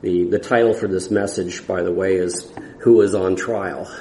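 Male preacher, low mellow voice, earnest and halting, Bible-study sermon recorded in a reverberant church hall. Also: fairly even intonation, a little hiss or hum. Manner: earnest, halting with restarts and fillers. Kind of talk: expository sermon.

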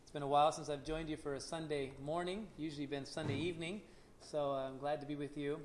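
A man in his forties, a missionary speaking to a church congregation, relaxed and unhurried with many "uh" pauses, and leading a short prayer. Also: fairly high pitch, a little hiss or hum. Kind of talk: casual church talk with a prayer.

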